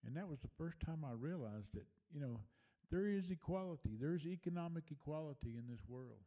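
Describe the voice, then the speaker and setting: A man's voice: on the high side, lively intonation, fairly quick, warm tone. An older man, telling a personal memory in a folksy, rambling way with plenty of fillers. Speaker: storyteller sharing memories. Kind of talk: casual personal storytelling.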